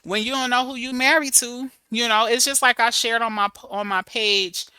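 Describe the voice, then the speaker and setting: A young woman hosting a casual livestream, sassy and emphatic, chatting with viewers and softly reading out their comments. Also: on the high side, fairly even intonation, normal speed, clean tone, no echo. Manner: drops to a soft murmur reading viewer comments. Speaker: livestream host reading chat.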